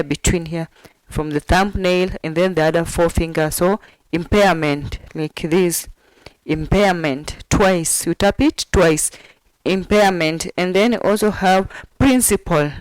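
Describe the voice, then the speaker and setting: Slow, patient woman teaching sign words. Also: on the low side, no echo, poor audio. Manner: repeats each word several times, patient and deliberate. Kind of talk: slow instructional explanation.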